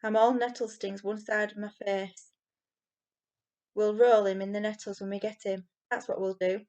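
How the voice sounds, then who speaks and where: A woman voicing a rough, threatening eldest boy who leads a gang. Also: medium pitch, fairly even intonation, moderate pace, a little mellow, close to an everyday voice.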